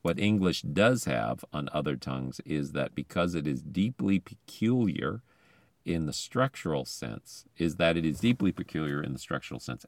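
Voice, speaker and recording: A man's voice: very deep voice, no room sound. A man hosting a show, reading an article aloud from his car and breaking in with chatty, enthusiastic asides. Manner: chatty, enthusiastic commentary between quoted passages. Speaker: podcast host.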